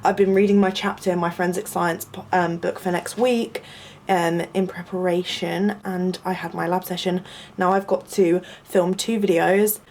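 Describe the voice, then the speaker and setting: A young woman, a university student, chatting casually in a rambling vlog from her student flat. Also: lowish voice, normal speed, slight background noise. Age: young adult. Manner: rambling, lots of "like" fillers.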